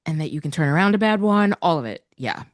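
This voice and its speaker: A woman co-hosting a podcast in casual chat, calm and reflective. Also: deep voice, quick pace, dry recording, clean studio sound. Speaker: podcast co-host.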